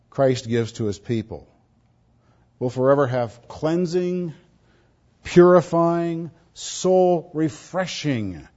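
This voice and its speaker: Pastor, male, emphatic sermon delivery with repetition, a touch high-pitched, dull lo-fi recording. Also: mellow. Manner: emphatic, repeats words for stress.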